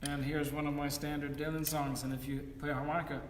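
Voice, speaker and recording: A man's voice: fairly high pitch, little pitch movement, fast, background noise. Distant, roomy-sounding male musician chatting. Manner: rambling and self-deprecating, with many fillers. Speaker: musician playing an online concert. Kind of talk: casual chat between songs.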